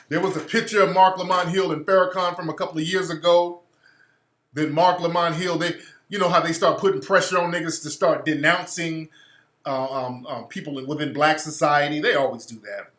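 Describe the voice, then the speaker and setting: Combative bright-voiced male radio host. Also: on the high side. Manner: combative, profane, mocking. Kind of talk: opinionated radio monologue. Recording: echoey room.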